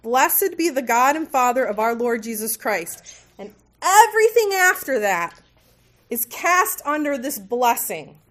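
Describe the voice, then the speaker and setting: A woman's voice: high voice, sing-song, a little slow, a bit bright. A woman teaching a women's Bible study group, conversational and lightly humorous, sometimes correcting herself mid-sentence. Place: meeting room with tables.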